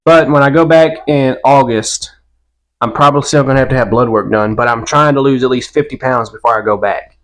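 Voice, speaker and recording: On a podcast, a male co-host with a mid-range voice tells stories at a fairly quick pace. The chat is laid-back and casual, and he drops a Southern "y'all."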